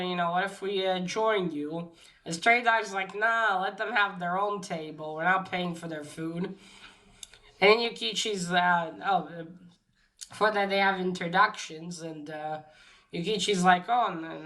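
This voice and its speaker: A woman's voice: mid-range voice, a bit bright. Casual woman recapping a comic. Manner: halting, many fillers and restarts, acts out quotes lightly. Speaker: comic book reviewer.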